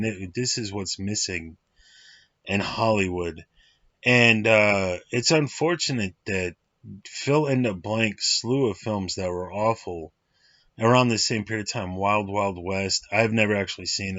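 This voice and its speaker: A man's voice: lowish voice, sharp tone, no echo. A man in his late thirties giving an enthusiastic, rambling film review with many fillers. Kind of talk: casual film review monologue. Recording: dry, slightly muffled lo-fi recording.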